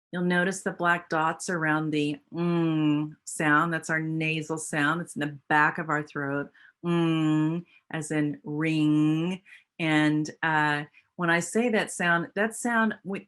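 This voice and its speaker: A woman's voice: low-pitched, fairly bright tone. An American woman explaining speech sounds in a teacher training presentation, with a patient, explanatory manner and frequent restarts. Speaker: literacy educator.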